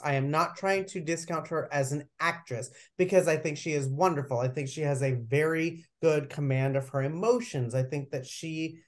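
Low-voiced, emphatic woman podcast guest. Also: darkish tone. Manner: emphatic and opinionated, swearing freely. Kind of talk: casual podcast chat.

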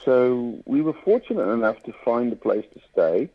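A South African man, a comedian guest, chatting in a lively storytelling way in a radio studio. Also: mid-range voice. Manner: lively storyteller with quick bursts of mimicry. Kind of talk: casual interview chat. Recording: dull radio studio sound.

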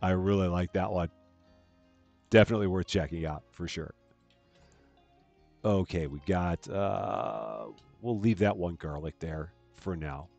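A man's voice: low-pitched, a little slow, long pauses, a little mellow, dull audio, faint music behind. A man casually chatting with viewers while he plays a farming game on a live stream, greeting people and laughing at his own jokes.

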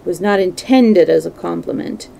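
A woman's voice: fairly low pitch, normal speed, gravelly, warm tone, a little hiss or hum, low-quality recording. A woman reading a classic novel aloud to a live stream, giving the characters' dialogue a light touch of acting. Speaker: storyteller.

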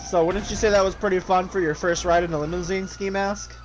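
A young man casually commentating a multiplayer game with friends, loud and excitable, swearing often and breaking into shrieking laughs. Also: high-pitched, brisk, a little hiss or hum. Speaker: gaming streamer.

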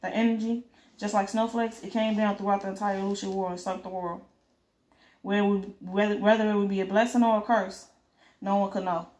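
A woman's voice: mid-range voice, fairly even intonation, fairly quick, darkish tone, echoey room. Woman reading a comic aloud. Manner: reads sound effects and punctuation aloud. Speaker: comic reader.

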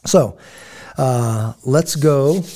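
A middle-aged podcast host draws out his words in a dark, mid-range voice. He tells stories casually and digressively, impersonating those he quotes.

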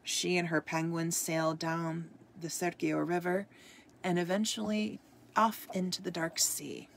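Gravelly, low-voiced woman reading a story. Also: measured pace, a little hiss or hum. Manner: expressive read-aloud, occasional stumbles. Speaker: storybook reader. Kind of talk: reading a ghost story aloud.

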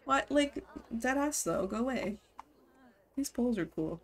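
A woman's voice: fairly high pitch, expressive, unhurried. A woman streamer giving casual live commentary on a life-simulation game, bursting into laughter and scolding her game characters.

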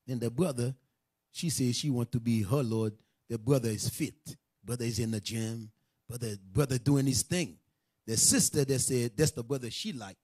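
A man teaching a religious class, preaching in casual street talk, animated and joking, with scolding asides to his listeners. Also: mid-range voice, moderate pace, breathy edge, no room sound.

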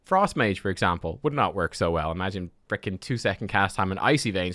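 Young male gaming creator, lively up-and-down delivery, casual self-mocking commentary. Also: low-pitched, fairly quick, no echo. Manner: chatty, self-deprecating, laughs at himself. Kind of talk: casual commentary over gameplay.

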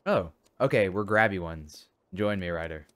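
A man streaming a party game, chatting casually and getting loud and excited as he plays. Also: low voice, normal speed, no room sound. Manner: excitable, shouts and laughs while playing. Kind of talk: casual gaming chat.

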